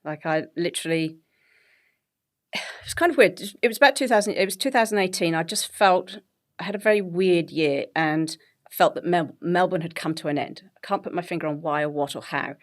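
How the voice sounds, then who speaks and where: A woman in her forties from England with a BBC-style English accent, telling her story as an interview guest with animated, laughing delivery. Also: fairly low pitch, moderate pace. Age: 40s. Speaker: guest, health coach. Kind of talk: conversational interview.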